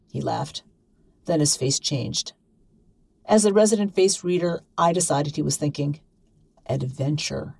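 A woman reads a short story aloud in a measured, wry voice. Her tone is low and gravelly. It sounds close and dry, as in a quiet studio. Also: no echo, rough recording. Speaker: reader.

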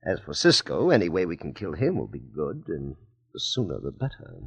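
A sneering fake-French villain. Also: male voice, low-pitched, huge pitch swings, a little fast, a bit bright, heavily acted. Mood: scheming. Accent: put-on French. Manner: smooth, sneering, menacing. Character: scheming male villain faking a French accent. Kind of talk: 1950s radio drama acting. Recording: lo-fi 1950s radio recording.

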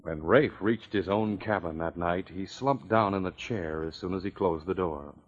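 A man narrating a 1950s radio adventure in a measured storytelling voice. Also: sits low. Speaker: narrator and announcer. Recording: muffled old radio recording.

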